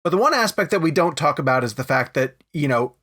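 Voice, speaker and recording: A man's voice: fairly high pitch, lively intonation, quick pace, a bit bright. A man hosting a film podcast, steering the interview toward his next question. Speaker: podcast host.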